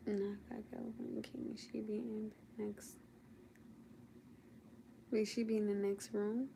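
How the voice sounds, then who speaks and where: Lying in bed at home for a late-night livestream, a young host chats casually with her viewers, sleepy, teasing, and quick to laugh. Her warm, steady, medium-pitched voice has vocal fry and moves at a moderate pace, with slight background noise.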